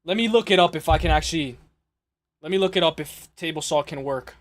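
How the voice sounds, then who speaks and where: Stuffed-up guy rambling and cussing on a livestream, kinda high voice. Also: a little fast. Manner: rambling, profane, jokey, reads chat aloud. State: congested, clearing throat. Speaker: livestream host. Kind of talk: casual livestream chat.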